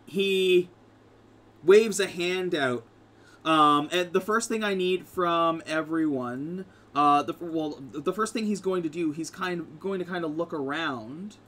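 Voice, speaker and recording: A man's voice: fairly high pitch, unhurried, hardly any pauses, pushed and bright. A man narrating as game master in a casual, rambling way with frequent fillers and restarts.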